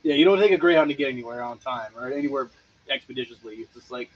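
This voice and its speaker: A man's voice: mid-range voice, quick pace, dull audio. A man co-hosting a homebrewing show, chatting casually, laughing often and stumbling over his words. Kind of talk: casual chat.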